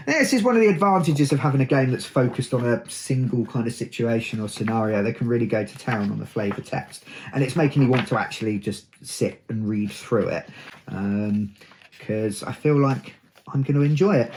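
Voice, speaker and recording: Brief: young British male host, casual unboxing chat, lively intonation, dry humour. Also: medium pitch, a little fast. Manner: chatty, reading aloud with dry asides. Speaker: host unboxing a tabletop game.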